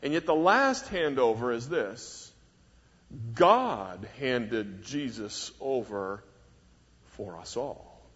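A man preaching a sermon, measured and emphatic, leaning hard on key words with wide rises and drops in pitch and volume. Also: lively intonation, fairly bright tone, slightly rough. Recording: dull lo-fi recording with long hall reverb.

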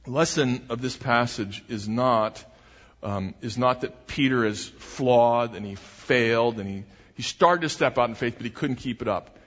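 A man's voice: mid-range voice, measured pace, a bit bright. A man preaching a sermon as pastor, earnest and emphatic, often restarting his phrases. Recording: dull recording with long hall reverb.

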